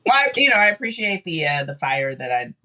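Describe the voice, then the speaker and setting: A podcast guest with a soothing, calm voice, talking thoughtfully with many fillers in casual chat. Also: medium pitch, a little fast.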